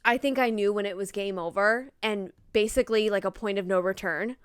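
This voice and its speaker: A woman's voice: mid-range voice, steady tone, fairly quick, clean tone, dry recording, clean studio sound. A young woman co-hosting a podcast, chatting casually and animatedly about a movie, laughing and swearing casually. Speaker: podcast co-host. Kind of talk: casual chat.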